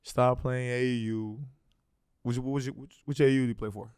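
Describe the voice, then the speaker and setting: A man with a light Greek accent hosts a relaxed sit-down chat, teasing his guest and doubling back on his words as he talks. His voice sits in a middle register. It is recorded close and dry, with no room sound. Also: mid-range voice, fairly quick, smooth, no room sound. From Greece. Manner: playful, teasing, repeats and restarts words. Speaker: host. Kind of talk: casual interview chat.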